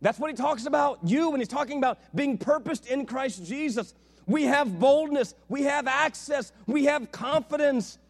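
High-pitched pastor guy in his 30s preaching, goes quiet then loud, lots of echo from the hall. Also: normal speed, creaky. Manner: animated, swings from hushed to loud, tells family anecdotes. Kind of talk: sermon. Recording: hall reverb.

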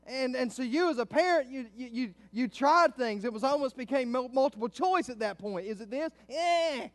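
A middle-aged male pastor preaching a sermon in a church, swinging from hushed, low passages up to loud, fervent climaxes. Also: brisk, no room sound.

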